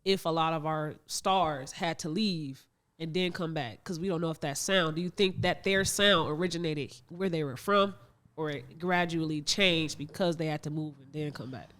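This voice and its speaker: A woman from Northwest Indiana hosting a podcast, asking interview questions in a steady, measured way. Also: low voice. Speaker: podcast host.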